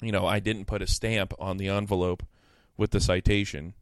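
A man's voice: low-pitched, level tone, moderate pace, clear, resonant tone, dry recording, studio quality. A man co-hosting a podcast in casual chat, a bit tipsy, joking and self-deprecating as he tells stories. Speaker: podcast co-host.

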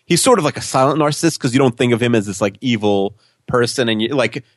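A man's voice: mid-range voice, quick pace, dry recording. Man, podcast co-host, mid-range voice, casual rambling, frequent restarts, dry close mic. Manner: rambling, many restarts and "like" fillers.

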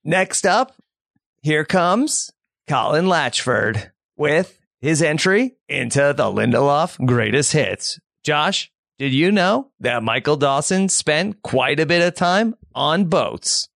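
A man co-hosting a podcast, introducing segments in a deadpan way and setting up jokes with a straight face. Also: on the high side, slow, vocal fry, dry recording, studio quality. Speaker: podcast co-host.

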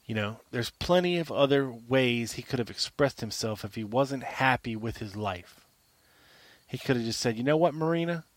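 A man hosting a solo podcast, pressing his point with emphatic repetition and rhetorical questions in a mid-pitched voice. The recording is dry and close, with no room echo. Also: moderate pace. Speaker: podcast host. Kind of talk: argumentative solo monologue.

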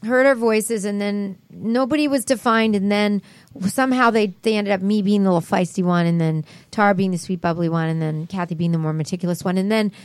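A woman voice actress chatting casually as a guest, telling animated stories and acting out the exchanges she quotes. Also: mid-range voice, brisk, smooth, dry recording. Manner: animated storyteller who acts out quoted exchanges. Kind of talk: casual chat.

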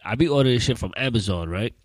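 A man's voice: mid-range voice, lively intonation, fast, no room sound. A man co-hosting a podcast, talking in casual chat with profane, laid-back street slang. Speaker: podcast co-host.

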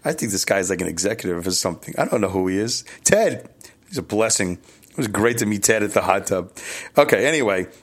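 A man's voice: lowish voice, expressive, fairly quick. A middle-aged man from Brooklyn, hosting a podcast alone in a loose, candid ramble, chuckling and correcting himself as he goes. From New York City, Brooklyn. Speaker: podcast host. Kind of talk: casual solo podcast monologue.

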